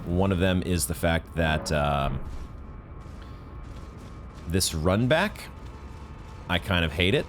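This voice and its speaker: Deep-voiced man swearing through a boss fight. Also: a little slow, faint music behind. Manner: swears often, bursts into high angry yelling. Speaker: gaming streamer. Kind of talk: live gameplay commentary.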